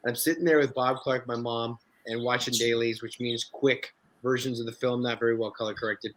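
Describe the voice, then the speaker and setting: Animated, profane storytelling man. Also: medium pitch, fairly quick, low-quality recording. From Canada. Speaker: actor guest. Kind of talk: casual interview storytelling.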